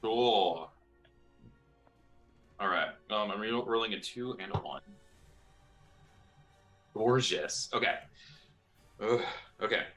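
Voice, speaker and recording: A man playing a tabletop game, chatty, thinking aloud and counting his dice out loud. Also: lowish voice, takes it slowly, pauses often, soft background music. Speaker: player. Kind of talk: tabletop gaming chat.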